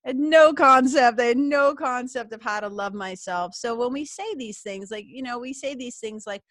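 A woman's voice: a little high, normal speed, no echo. A middle-aged woman hosting a casual spiritual talk show, chatty and upbeat. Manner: chatty and upbeat, peppered with "like" and laughs. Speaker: podcast host.

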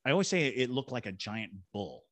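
A man's voice: medium pitch, sing-song, brisk, fairly bright tone, dry recording. A man, a paranormal investigator and ghost tour guide, telling a story as a podcast guest and acting out voices and sound effects. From Savannah, Georgia. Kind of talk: animated storytelling in a podcast interview.

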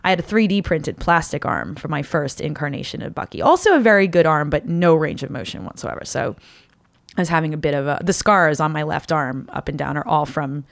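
A woman in her thirties, a cosplayer, telling stories in a lively casual chat and laughing often. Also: sits low, brisk, gravelly, no echo. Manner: animated storyteller, laughs often. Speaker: cosplayer guest.

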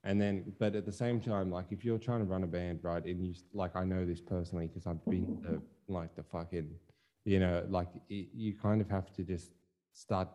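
A man's voice: deep voice, flat delivery, normal speed, warm tone. A young adult man co-hosting a podcast, speaking candidly and thinking aloud, with lots of "like" and some mild swearing. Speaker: podcast co-host, musician. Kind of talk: casual chat.

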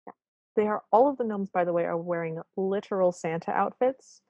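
A woman's voice: mid-range voice, fairly quick, dark tone, no echo, lo-fi sound. A woman co-hosting a podcast, recapping a cartoon in a wry, apologetic, casual way. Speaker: podcast co-host.

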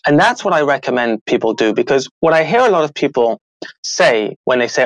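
Lively storytelling man, dry close mic. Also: mid-range voice, brisk, no echo, low-quality recording. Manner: animated, acts out quoted voices, laughs often. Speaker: podcast host and author. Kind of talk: casual storytelling chat.

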